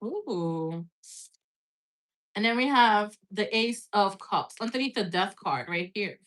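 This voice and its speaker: A woman's voice: medium pitch, expressive, slow pace, a bit bright. A woman giving a casual live-stream tarot reading, blunt and chatty, swearing freely and filling her talk with "like". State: has the hiccups. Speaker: tarot reader.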